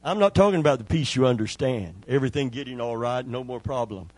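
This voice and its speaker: A middle-aged male pastor preaching a sermon, telling a personal story with emotion and dropping to a hushed voice when he re-enacts a prayer. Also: mid-range voice, lively intonation, quick pace, dry recording, poor audio.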